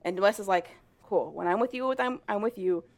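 A woman's voice: medium pitch, a little fast. A young adult woman, a married podcast co-host, retelling a story in casual chat and acting out the characters' lines. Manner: animated, acts out characters' lines with swearing and laughter.

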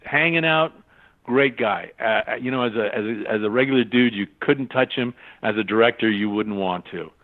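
An older man from California tells stories at a mid pitch, jumping into impressions of the people he describes. His voice comes through a narrow, tinny phone-line sound. He sounds lively and conversational. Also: normal speed. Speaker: voice actor guest. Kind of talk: anecdotal storytelling.

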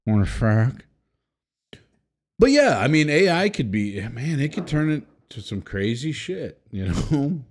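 In an unhurried, sing-song voice on the high side, a podcast host reads out headlines and makes crude jokes on his casual show. He alternates between booming and mumbling.

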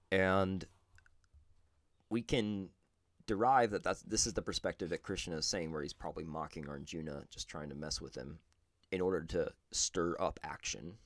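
This podcast host speaks at normal speed in a low-pitched voice with vocal fry, reflecting conversationally on spiritual ideas and sometimes correcting himself mid-sentence. The sound is studio quality and echo-free.

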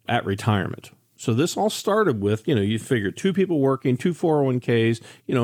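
An older man who hosts a financial radio show as an advisor talks in a lowish, slightly mellow voice. His monologue consists of frank, candid, chatty stories with many restarts, and the clean studio sound has no room noise.

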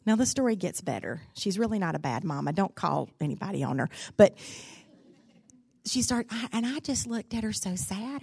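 A woman's voice: medium pitch, lively intonation, fairly quick, vocal fry, mellow, husky, no room sound, studio quality. A middle-aged woman giving a sermon, telling a personal story and asking the room direct questions. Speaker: speaker at a church gathering.

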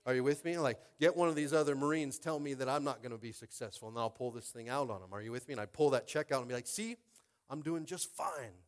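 A man preaching a lively sermon, often asking the crowd "Are you with me?". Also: medium pitch, quick pace, few pauses. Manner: animated preaching, repeated "Are you with me?" call-outs. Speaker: pastor.

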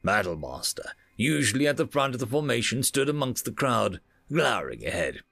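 A male storyteller with a gravelly, fried edge to his voice, reading a fantasy tale with a lively, swooping delivery. The sound is dry and close, with faint music underneath. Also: lowish voice, moderate pace, few pauses, no room sound. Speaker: narrator. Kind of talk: storytelling narration.

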